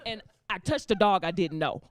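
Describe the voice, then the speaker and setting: With background noise behind her, a woman in a mid-range voice performs stand-up at a normal speed. Her set is built on lively storytelling, voicing each character she describes.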